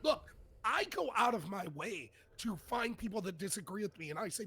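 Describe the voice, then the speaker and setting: A man co-hosting a live stream, joking and talking in an animated way. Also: sits high, moderate pace, breathy edge. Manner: animated, joking, mock-sincere. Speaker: stream co-host. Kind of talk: casual live-stream banter.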